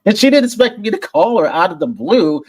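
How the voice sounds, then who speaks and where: Man, podcast guest; warm, friendly voice-over tone with a slightly high pitch; lively anecdotes, a bit stumbly. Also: a little fast, slightly rough. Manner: animated, acts out quoted voices, repeats words when starting. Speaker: podcast guest, entertainment journalist. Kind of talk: casual interview storytelling.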